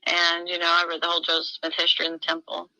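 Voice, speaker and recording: A middle-aged woman speaks fervently in an emotional personal conversation. Her voice is gravelly with fry and has a very sharp, tense edge. The sound is dry and close. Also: fairly low pitch, monotone, fast, no room sound, low-quality recording. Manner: fervent, quotes dialogue in a swinging voice.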